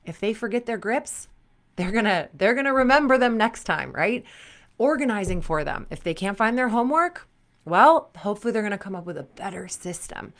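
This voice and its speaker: A woman in her thirties, a performance coach talking candidly to sport parents and telling personal stories with lively quoted asides. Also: mid-range voice, fairly quick.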